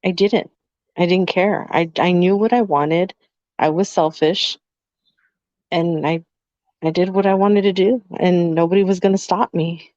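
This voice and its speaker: A woman with a somewhat low voice speaks reflectively on a podcast and fills her speech with "like". She sounds middle-aged. The sound is dry and a little dull and lo-fi. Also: fairly even intonation, unhurried, darkish tone, no room sound. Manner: reflective, filler-heavy with frequent "like". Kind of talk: casual podcast conversation.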